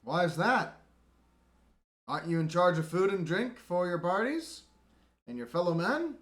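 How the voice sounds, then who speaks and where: A proud human lieutenant holds himself high and talks down to his men in curt, condescending lines, as a man acts him out. The voice sits raised and loud above a plain speaking voice. The delivery is unhurried. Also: expressive. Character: haughty arrogant male human lieutenant.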